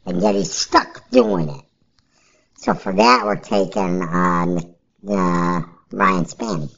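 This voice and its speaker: A woman's voice: mid-range voice, vocal fry, fairly bright tone, highs cut off. A woman podcast host giving casual, rambling fantasy sports picks in a blunt, offhand way, with some profanity.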